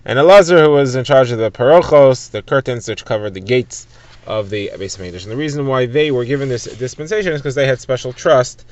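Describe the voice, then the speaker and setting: A man's voice: medium pitch, a little fast, muffled recording. A man teaching a daily Talmud lesson, retelling it conversationally and glossing Hebrew terms in English. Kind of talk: daily Talmud lesson, explained for listeners driving.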